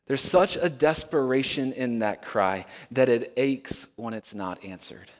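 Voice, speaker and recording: A man's voice: mid-range voice, expressive, measured pace. Man preaching in an echoing hall. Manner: earnest, storytelling, drops to a hush for emphasis. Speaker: pastor. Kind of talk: sermon. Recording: long hall reverb.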